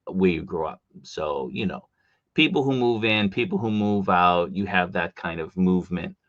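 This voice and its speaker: A man's voice: fairly low pitch, a bit bright, no echo, highs cut off. A man with a Boston accent hosting a casual live stream, rambling through chat comments with plenty of fillers. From Boston, USA.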